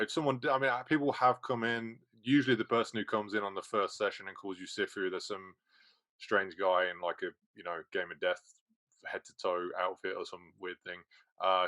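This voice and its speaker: A man's voice: low-pitched, little pitch movement, a little fast, bright, forceful tone, dry recording. A man from England who teaches martial arts, talking casually and often restarting his sentences. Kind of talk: casual chat.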